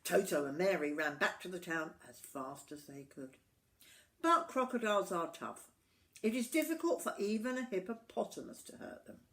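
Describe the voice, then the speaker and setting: Expressive older woman reading a storybook. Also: lowish voice, normal speed. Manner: expressive, with asides to the listener.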